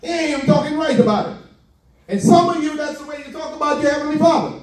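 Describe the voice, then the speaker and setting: High-voiced pastor preaching in an echoey hall. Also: male voice, distant mic. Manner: preaching with drawn-out emphasis and direct address. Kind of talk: sermon. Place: church hall.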